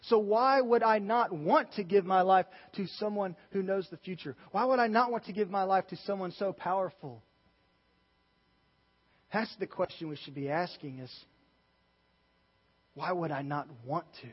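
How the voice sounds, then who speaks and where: A man's voice: sits high, moderate pace, long pauses, breathy edge. A young man preaching a sermon as a youth pastor, emphatic and passionate, often restarting his sentences. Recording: dull sound with long reverb in a large hall.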